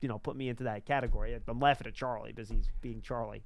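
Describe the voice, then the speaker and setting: A man hosting a sports call-in show, teasing his co-hosts and taking calls in quick banter. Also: medium pitch, steady tone, gravelly. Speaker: radio show host. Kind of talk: casual sports talk.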